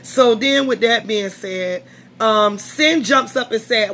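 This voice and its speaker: A woman's voice: a little high, measured pace, slight background noise. A tired woman vlogger recapping a reality show in casual, blunt, profane chat, acting out what people said. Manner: blunt, profane, animated recap with quoted voices.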